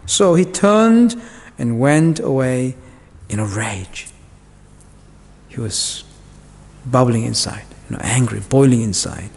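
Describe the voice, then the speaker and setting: A man's voice: medium pitch, expressive, takes it slowly, gravelly, pauses often, a little mellow, slightly rough. A male pastor preaching a sermon in a church, explaining Bible verses in a conversational way with asides and fillers. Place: church hall. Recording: long church reverb.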